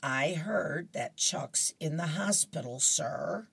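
Polite prim little comic girl, soft and breathy, lady reading it. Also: very deep voice, wildly swooping pitch, slow, no echo, heavily acted.

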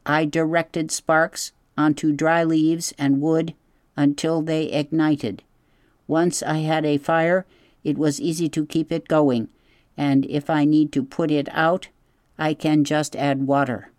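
A reader voicing a calm, polite female robot who speaks slowly and carefully in an audiobook. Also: medium pitch, no echo, studio quality, voice pushed up, lightly acted. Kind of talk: audiobook character voice.

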